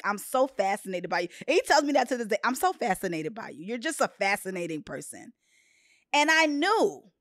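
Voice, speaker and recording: A woman hosting a podcast, chatting casually and telling personal stories with expressive, quoted voices. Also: on the high side, dry recording, studio quality. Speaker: podcast host. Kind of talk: casual chat.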